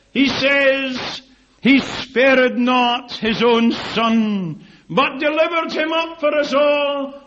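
A man's voice: extremely high pitch, pushed and bright, a little hiss or hum. A man preaching an impassioned sermon, building repeated phrases and drawing out words for emphasis, on a dull lo-fi recording. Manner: impassioned, rhetorical repetition with drawn-out emphasis. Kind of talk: fervent sermon.

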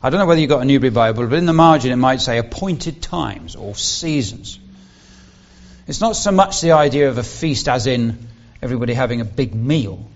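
Earnest preacher, dull lo-fi sound. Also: male voice, mid-range voice, gravelly. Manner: earnest, explanatory, rises and stresses key words. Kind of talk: expository Bible teaching sermon.

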